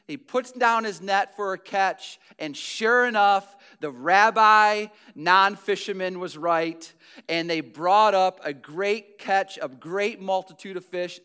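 Bright-voiced man preaching a sermon. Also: sits high, clear, resonant tone. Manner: earnest, conversational, frequent restarts and repeated words. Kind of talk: sermon retelling scripture.

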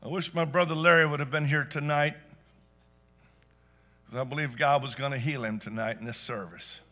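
A man preaching a sermon to a church congregation, telling stories and rising to loud emphatic peaks. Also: medium pitch, normal speed, faint music behind. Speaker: pastor. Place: church service.

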